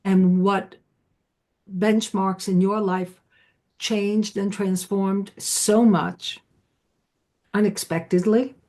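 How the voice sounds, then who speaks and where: A middle-aged woman hosting an interview, speaking conversationally with affirming asides and pauses. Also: mid-range voice, steady tone, mellow. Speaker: podcast host.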